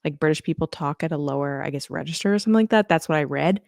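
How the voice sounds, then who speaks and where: American woman podcast co-host, low-pitched, dry close sound, chatty and animated. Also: rapid-fire, vocal fry, no echo. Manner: chatty, animated, laughs often. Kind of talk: casual chat.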